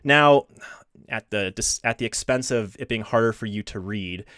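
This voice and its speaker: A man's voice: fairly low pitch, moderate pace, fairly bright tone, no room sound, studio quality. Casual man hosting a live tech stream. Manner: casual, chatty, self-deprecating, frequent restarts. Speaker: livestream host. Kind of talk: live technical tutorial.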